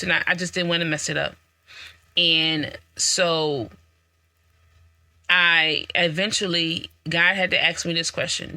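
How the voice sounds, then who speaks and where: A woman podcast host giving a personal testimony in an animated, conversational way, talking straight to her listeners. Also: on the low side, dry recording. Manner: animated, storytelling, acts out quoted dialogue; repetitive, conversational, addresses listeners directly.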